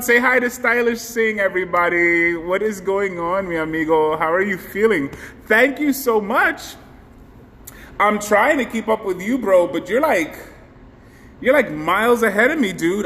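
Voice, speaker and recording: A man's voice: high-pitched, animated, measured pace, sharp tone. A man hosting a casual live stream, chatting effusively and thanking viewers by name. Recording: faint background noise, long hall reverb.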